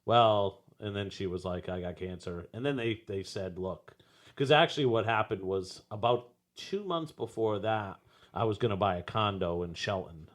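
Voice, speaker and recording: A man in candid podcast conversation, talking haltingly with many restarts. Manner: halting, starts over, lively pitch.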